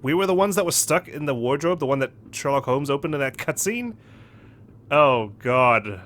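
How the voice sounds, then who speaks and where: A young man giving jokey, animated commentary on a video game he plays. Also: medium pitch, normal speed, slight background noise. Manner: animated, jokey, laughing asides. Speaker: let's play host. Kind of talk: casual gameplay commentary.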